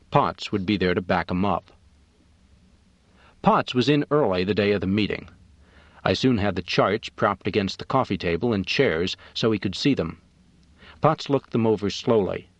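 A man narrating an audiobook in a measured, matter-of-fact way. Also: lowish voice, no room sound. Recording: dull, dry recording.

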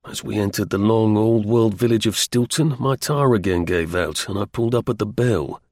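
A man narrating a period novel in a measured, formal storytelling manner. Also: fairly low pitch, darkish tone, no room sound, clean studio sound. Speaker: audiobook narrator.

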